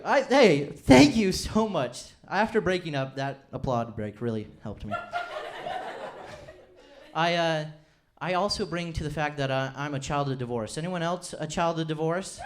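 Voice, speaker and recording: A young Utah man does a stand-up set on a comedy club stage with a handheld mic, before a laughing audience. Chatty and self-deprecating, he slips into quick impressions of his family. His voice is on the high side, and the background is noisy.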